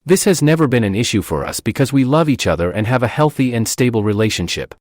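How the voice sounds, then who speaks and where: Guy reading an internet story out loud, mid pitch, super lively up and down delivery. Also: quick pace, no echo, clean studio sound. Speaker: story narrator. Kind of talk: scripted narration of a reddit post.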